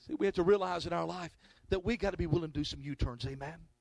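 A male pastor preaching a sermon, with sudden shouted bursts and call-and-response with the congregation. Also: fairly high pitch, fast talker, gravelly, no room sound. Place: church, recorded on video.

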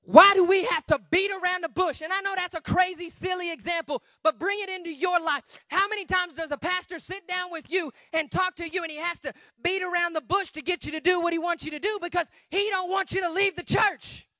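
A man preaching a guest sermon with emphasis, swinging between shouting and quiet asides. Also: very high voice, steady tone, brisk, few pauses, no room sound.

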